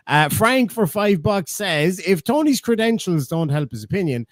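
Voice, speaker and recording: A man hosts a live stream and reads viewer donations aloud. He answers them with dry, profane quips. His voice sits a little high and sounds dry and close. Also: sing-song, normal speed, no room sound. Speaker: streamer host reading chat donations. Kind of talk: casual live-stream chat.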